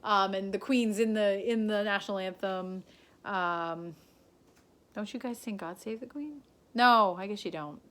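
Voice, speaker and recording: A woman's voice: medium pitch, unhurried, fairly bright tone. A woman from Canada chatting casually to a pen pal on video, rambling with lots of ums and restarts.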